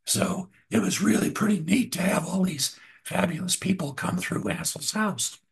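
Gravelly older man telling photo stories. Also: sits high, normal speed. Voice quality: husky and gravelly. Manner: relaxed anecdotal, frequent uh and restarts. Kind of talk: casual storytelling over slides.

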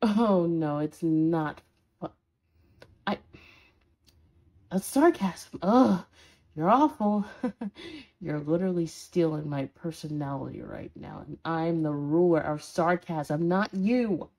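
A woman's voice: on the low side, animated, slow, long pauses, darkish tone, heavily acted. A woman voicing a sarcastic, scolding horned demon in an audio role-play for a listener. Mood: mocking sarcasm. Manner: sarcastic, scolding, dramatic swings.

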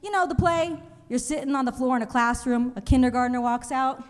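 A young woman doing a stand-up comedy set, telling animated stories and acting out other people's voices. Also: sits high, a little fast. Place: comedy stage in a museum venue. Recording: live show in a reverberant hall.

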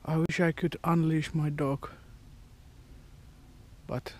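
Slow-talking Finnish man, rambling vlog. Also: on the high side, level tone. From Finland. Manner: rambling, chatty storyteller with non-native grammar. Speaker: vlogger. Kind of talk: casual vlog chat.

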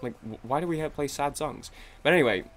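A man's voice: fairly high pitch, fast talker, fairly bright tone, soft background music. A young man rambling casually while playing a video game, swearing and often cutting himself off mid-sentence. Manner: rambling, self-interrupting, swears freely. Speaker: gaming YouTuber.

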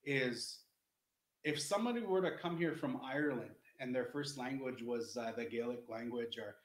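A man's voice: mid-range voice, normal speed. Earnest man teaching, echoey room. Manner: earnest, rambling, with many restarts. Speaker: Indigenous educator. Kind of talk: informal teaching talk.

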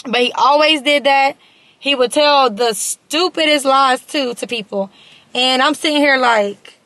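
A young woman vlogger speaks straight to her camera in a high, bright voice. She tells her story with emphasis, leaning on repeated words and talking to viewers as y'all. The sound is close and dry, with no room echo. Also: a little slow. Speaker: beauty and lifestyle vlogger. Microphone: compact camera mic.

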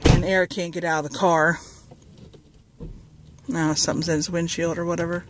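A woman's voice: fairly low pitch, little pitch movement, moderate pace, slight background noise, poor audio. A woman rambling casually in a haul vlog, with lots of fillers and restarts, a bit out of breath, outdoors in a parking lot. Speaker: vlogger.

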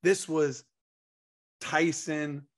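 A man, telling an animated story as an interview guest and acting out quotes. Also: on the high side, drawn-out words. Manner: excitable, acts out quotes, laughs.

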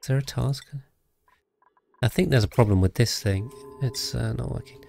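A man's voice: mid-range voice, moderate pace, gravelly, darkish tone, faint music behind. A man streaming a video game live, thinking aloud and chatting casually with his viewers as he plays. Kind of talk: casual live gameplay commentary.

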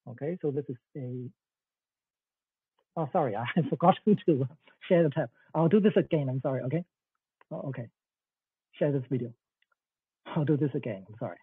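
A man's voice: medium pitch, moderate pace, pauses often, breathy edge, no room sound. A man giving an online academic lecture, explaining with frequent "okay"s and fillers over a video call. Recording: tinny, dry phone-like call audio.

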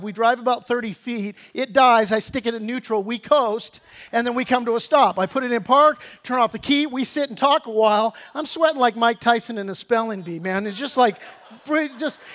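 A male pastor with a notably high voice preaches in a casual, storytelling way. He talks like a friend, animated and plain-spoken, then turns earnest as he appeals to his listeners. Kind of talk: sermon.

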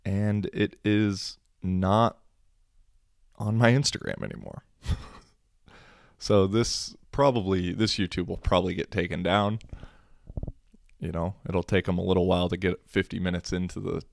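Man, very deep voice, dry close sound, sarcastic, rambling, solo podcast host. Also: gravelly, dry recording. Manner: sarcastic, rambling, swears freely. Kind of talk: casual solo podcast monologue.

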